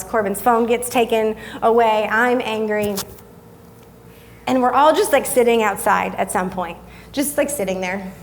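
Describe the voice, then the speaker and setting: A woman, giving a sermon as a guest speaker, telling a family story in a chatty, self-deprecating way and softening when she reflects. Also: a little high, a little hiss or hum. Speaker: guest speaker at a young adult service.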